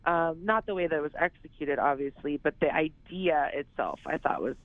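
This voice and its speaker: Rambling actress on a tinny phone line. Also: female voice, low-pitched, moderate pace, no room sound. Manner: rambling, heavy use of "like" and "you know". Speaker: actress, interview guest. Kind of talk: casual phone interview.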